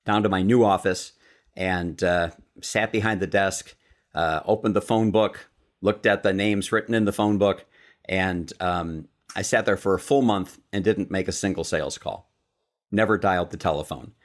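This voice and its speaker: A man's voice: low-pitched, moderate pace. A man from Chicago, a sales speaker and author, telling stories as a podcast guest and acting out the quotes. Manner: lively storyteller who acts out quotes. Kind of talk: storytelling in a podcast interview.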